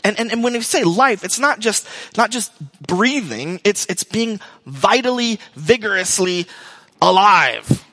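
Middle-aged man, pastor, casual rambling sermon, slightly high voice, echoing hall. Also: lively intonation, a little slow, pushed and bright. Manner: conversational, rambling with restarts and asides. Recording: long hall reverb.

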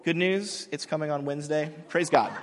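A man's voice: fairly high pitch, steady tone, normal speed, noisy background. A man in his thirties, a pastor giving a sermon in a large hall, talking in a casual, self-mocking, conversational way.

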